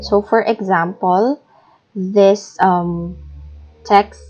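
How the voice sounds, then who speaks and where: Slow, mellow-voiced Filipino woman teaching. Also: medium pitch, steady tone, highs cut off. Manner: patient and deliberate, many fillers, models phrases aloud slowly. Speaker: English teacher. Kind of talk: recorded classroom lesson.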